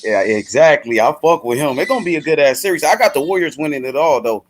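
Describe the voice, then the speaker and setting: A man hosting a casual live chat, hyped and slangy, often shouting his picks. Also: fairly high pitch, expressive, fast, a crowd in the background. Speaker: stream host.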